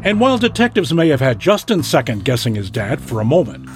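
Lively true-crime news narrator. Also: male voice, medium pitch, over music. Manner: dramatic, measured delivery.

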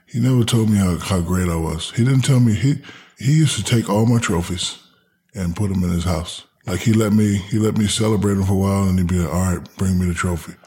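A man's voice: lowish voice, a little fast, a little mellow, breathy edge. A retired athlete in his forties, a guest, telling stories in casual chat and mimicking people with joking boasts. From Newark, New Jersey, USA. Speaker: retired basketball player, podcast guest.

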